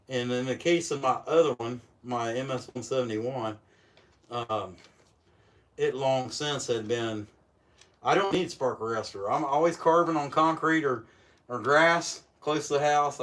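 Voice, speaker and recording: Folksy man, slightly rough voice from illness, rambling livestream host talking while he works. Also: medium pitch, a bit bright. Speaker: chainsaw carver hosting a livestream. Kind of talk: casual livestream chat while working.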